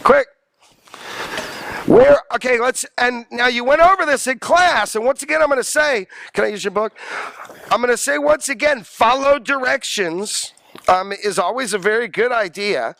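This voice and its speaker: A man's voice: very high-pitched, normal speed, vocal fry, no echo. A man lecturing a college class, joking and quizzing his students. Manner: animated, jokey, asks the class questions.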